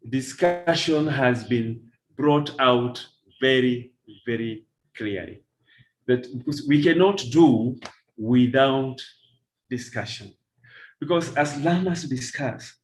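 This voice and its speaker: Middle-aged male teacher trainer lecturing from slides; slow, measured, repeats key lines. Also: medium pitch, rough recording. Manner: slow, deliberate, repeats key phrases for emphasis.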